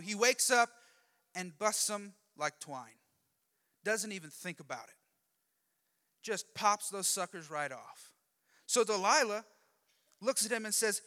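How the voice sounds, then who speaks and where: A lively preacher with a high, bright, forceful voice, telling a story in a conversational, jokey way. His words ring out with a long hall reverb behind them. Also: unhurried, long pauses. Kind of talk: sermon storytelling.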